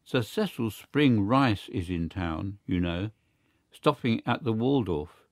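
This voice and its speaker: A man voicing a shrewd male spy chief who speaks in a measured, musing way. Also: fairly low pitch, animated, no echo, clean studio sound.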